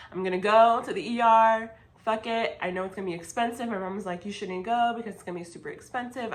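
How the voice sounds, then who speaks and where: Chatty young woman, slightly low voice. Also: a bit bright, rough recording. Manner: chatty, filler-heavy, emphatic. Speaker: vlogger. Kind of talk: casual storytelling to camera.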